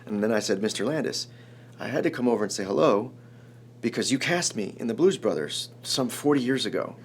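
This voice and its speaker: A man in his forties from Chicago, a screenwriter telling an emotional story in an interview, animated and rambling with many restarts. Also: mid-range voice, a little fast, slight background noise. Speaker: screenwriter guest.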